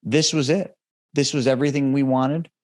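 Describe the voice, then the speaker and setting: A man hosting a podcast, telling an emotional personal story in an earnest way, dropping his voice low at the heavy moments. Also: steady tone, moderate pace, a little mellow. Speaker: podcast host.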